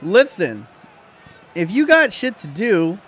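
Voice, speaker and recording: A man's voice: high voice, very animated, slow, fairly bright tone, husky. A man with an American accent, from Canada, streaming live and ranting profanely at his chat between reactions to a football match.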